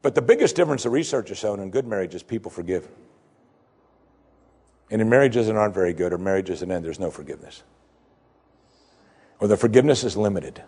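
A man with a husky, slightly breathy voice delivers a sermon as a pastor, retelling a parable in an animated way. He climbs high and loud to stress a point, then drops to a quiet, low murmur for the lesson. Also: brisk, pauses often.

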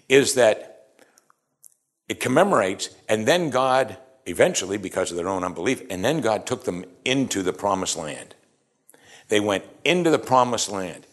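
A man preaching a sermon, animated, acting out the quoted lines and chuckling as he explains. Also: mid-range voice.

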